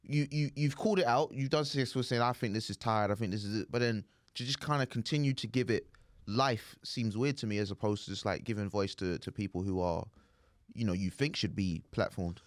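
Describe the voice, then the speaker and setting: A man's voice: medium pitch, steady tone, a little fast, dry recording, clean studio sound. A man co-hosting a podcast, talking in a thoughtful, hedging casual chat with many fillers. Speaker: podcast co-host.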